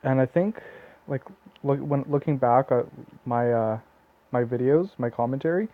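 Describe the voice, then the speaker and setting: A man's voice: mid-range voice, normal speed. A man with a Southern Ontario Canadian accent doing casual gameplay commentary, rambling with lots of fillers and restarts. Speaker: let's play commentator. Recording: tinny lo-fi phone-like mic.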